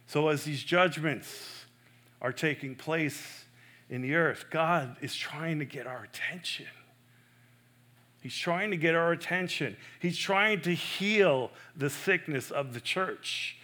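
A man preaching a sermon in an earnest, emphatic way. He swings between loud stresses and soft, hushed asides. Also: on the high side, takes it slowly. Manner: self-correcting, personal and earnest.

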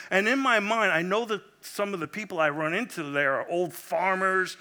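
Visiting pastor from Puerto Rico, middle-aged man, bright tone sitting a touch high, fervent delivery that swings from loud to hushed. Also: moderate pace, few pauses. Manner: passionate, swinging between loud exclamation and quiet prayer. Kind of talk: sermon.

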